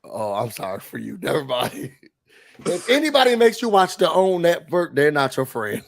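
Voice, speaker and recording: A man chats through a reality-show recap. He sounds nasal from a cold and livens things up by acting out quotes, sometimes with big shouts. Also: on the high side, very animated, normal speed, vocal fry. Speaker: podcast co-host. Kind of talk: casual recap chat.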